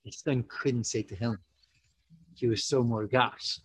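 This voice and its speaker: A man's voice: medium pitch, a little slow, slight background noise, low-quality recording. A young man, telling a personal story casually many fillers, acting out quotes. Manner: animated, full of 'you know, like' fillers, acts out quotes.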